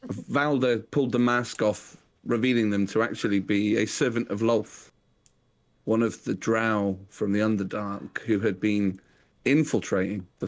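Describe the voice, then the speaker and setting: A man running a tabletop game as game master, narrating dramatically and chatting with players. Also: fairly low pitch.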